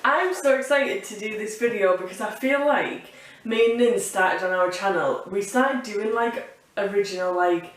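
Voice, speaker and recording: A woman's voice: medium pitch, moderate pace. Chatty woman in an echoey room. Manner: chatty, excitable, rambling. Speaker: YouTube co-host. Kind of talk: casual haul chat. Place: warm indoor room. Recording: roomy echo, distant mic, faint noise.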